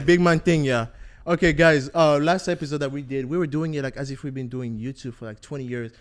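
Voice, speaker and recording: A man hosting a casual football podcast chat, playful and quick to laugh. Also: mid-range voice. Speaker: podcast host.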